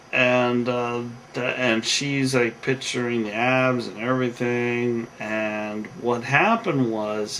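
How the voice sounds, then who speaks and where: Tired guy rambling thru a show recap, lots of ums and restarts, normal pitch, bit of faint room noise. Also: vocal fry, a bit bright, poor audio. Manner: rambling, full of fillers and restarts. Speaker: show commentator.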